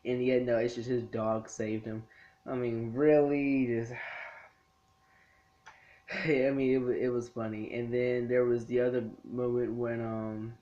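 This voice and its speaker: A man's voice: medium pitch, little pitch movement, mellow. Guy doing a loose rambly episode review from his room, acts out little character quotes, kinda dull lo-fi sound. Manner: rambling, acts out characters' lines in quick bits. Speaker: anime reviewer. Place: his own room lit by a TV.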